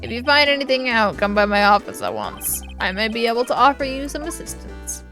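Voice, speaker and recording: A woman voicing a pompous older male lawyer in a courtroom game, slow and musing. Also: fairly high pitch, big pitch swings, bright, forceful tone, soft background music.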